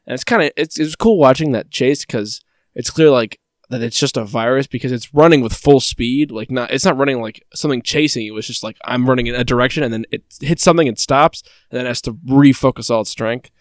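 A man's voice: medium pitch, a little fast, dry recording. Wry man recapping in a dry room. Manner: wry, deadpan jokes. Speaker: podcast co-host. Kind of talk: casual podcast chat, recapping a show.

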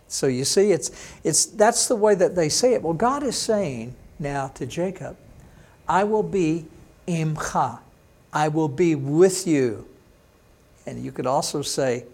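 A pastor with a fairly high voice, teaching an online sermon. He talks slowly through each word, spells it out, and answers questions he puts in a listener's mouth. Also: expressive, gravelly, husky.

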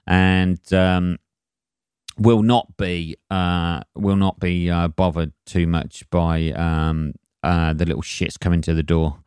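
A man's voice: deep voice, little pitch movement, slow, a little mellow, smooth, dry recording, studio quality. A man hosting a solo comedy podcast, ranting in a sweary, sarcastic and rambling way. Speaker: podcast host.

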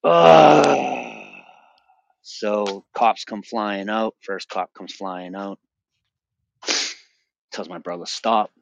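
A man's voice: low voice, fairly even intonation, slow, long pauses, no room sound, muffled recording. A man in his forties from the Boston area, a podcast guest telling his personal testimony in an intense, emphatic way with frequent restarts. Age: 40s.

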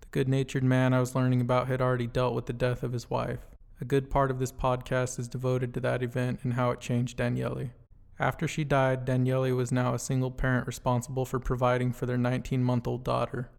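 A man's voice: medium pitch, monotone, fairly quick, gravelly, darkish tone. A man hosting a podcast, reading an earnest scripted introduction. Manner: earnest, read-from-script delivery. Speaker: podcast host.

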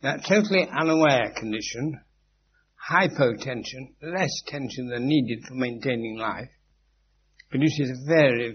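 A man of middle pitch gives an informal spiritual lecture to a group in a meeting room. His delivery is emphatic and instructive, with dry witty asides. The old tape sounds dull and carries a faint steady hum. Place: meeting room with a live audience.

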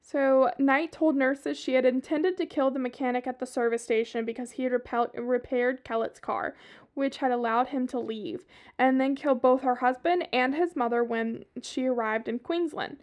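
A young woman with a Southern US accent narrates a true-crime case in a casual podcast chat. Her voice sits high, and she peppers the story with swearing and offhand asides. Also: fairly even intonation, moderate pace. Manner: profane, chatty asides. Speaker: podcast host.

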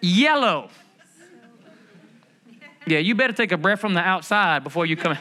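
A male pastor preaching to his church in a high, bright voice. He talks in a lively, conversational way, full of rhetorical questions and humor. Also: fast talker. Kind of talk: sermon. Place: church building.

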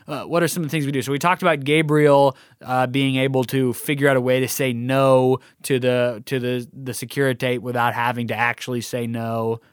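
A man's voice: medium pitch, flat delivery, fairly quick, few pauses, clean tone, no echo, studio quality. Man guiding a discussion of a play. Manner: explanatory, asks guiding questions.

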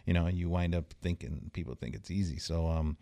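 A man in his forties, a guest on a podcast, telling stories in a rambling, halting way with many fillers and restarts. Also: low voice, creaky, warm tone. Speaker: podcast guest, tattoo artist. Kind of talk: casual storytelling chat.

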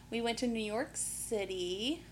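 A woman co-hosting a podcast in casual chat, talkative, laughing often and swearing freely. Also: a little high. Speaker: podcast co-host.

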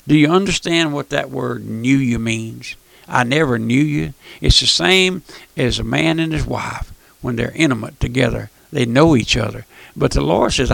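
A man's voice: medium pitch, moderate pace, vocal fry, fairly bright tone, no echo. A man preaching a fervent radio sermon, often repeating phrases and calling the listener "my friend". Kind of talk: fire-and-brimstone radio sermon.

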